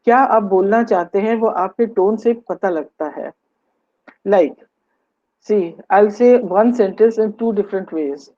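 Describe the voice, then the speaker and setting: A woman's voice: mid-range voice, racing, warm tone, highs cut off. A woman with an Indian English accent giving a webinar lecture, teaching in an instructive way, asking rhetorical questions and slipping into Hindi. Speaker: webinar speaker on communication skills.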